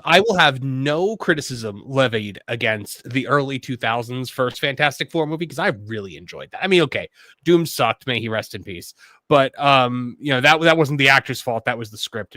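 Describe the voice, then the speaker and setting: A man hosting a casual podcast chat, talking in an animated, self-deprecating way. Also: mid-range voice, fairly quick, dry recording, studio quality. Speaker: host.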